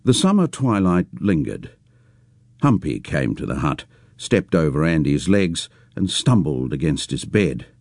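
A man with a very deep voice reads a story aloud, shifting his tone expressively. The sound is close and dry, with no room around it. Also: very animated, measured pace, a little mellow, no echo. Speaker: reader. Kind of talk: storybook reading.

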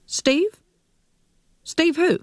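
A woman voicing a resentful grown son in a spoken story, bitter and accusing, with slow, lightly raised delivery. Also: medium pitch, animated, no echo, clean studio sound, close to an everyday voice.

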